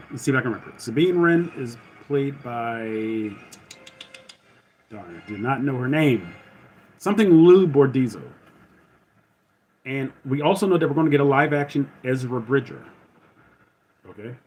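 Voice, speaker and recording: A man's voice: medium pitch, slight background noise, low-quality recording. A man hosting a live stream, chatting in a loose, rambling way and often correcting himself. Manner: rambling, self-correcting, conversational. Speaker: livestream host. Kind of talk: casual live-stream chat.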